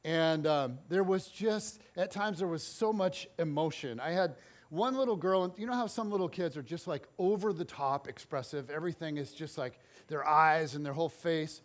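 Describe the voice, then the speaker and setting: A man preaching as pastor, telling lively stories about kids in an animated way, at church. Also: a little high, moderate pace. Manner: animated storytelling. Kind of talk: sermon.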